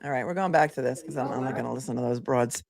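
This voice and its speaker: A woman's voice: a bass voice, rapid-fire, gravelly, a little mellow. A woman attorney hosting a live commentary stream, chatty and sassy, laughing often as she talks to viewers.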